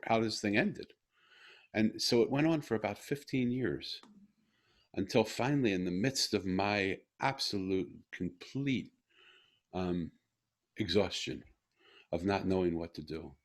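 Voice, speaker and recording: Husky low-voiced man telling a story. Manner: earnest, animated when retelling. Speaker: guest. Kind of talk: casual conversation, storytelling.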